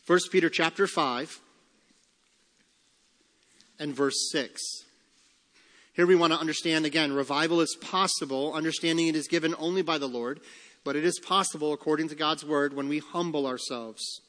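A pastor preaching a sermon, who slows down and lifts his voice on the key phrases. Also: on the high side, fairly even intonation, a bit bright. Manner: emphatic preaching, slowing and rising on key phrases. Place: church sanctuary. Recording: long church hall reverb.

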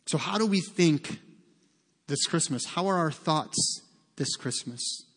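A man's voice: fairly high pitch, lively intonation, slow, a bit bright. A man preaching a sermon as pastor, earnest and conversational, often breaking off into casual asides. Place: church sanctuary. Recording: long reverb of a large hall.

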